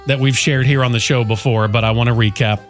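A man hosting a radio morning show, casually telling an animated story about his neighbor. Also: mid-range voice, fast, soft background music.

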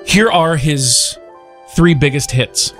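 A man's voice: on the high side, slow pace, fairly bright tone, faint music behind. A man hosting a morning radio show, telling a fond story in a chatty, casual way.

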